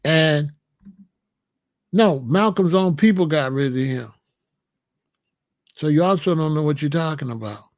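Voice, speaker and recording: High-voiced guy, aave, preachy and in your face, dry close sound. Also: a little slow, long pauses, a little mellow, no room sound. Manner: confrontational, repeats questions, preachy. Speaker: host answering a viewer. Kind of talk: live-stream commentary.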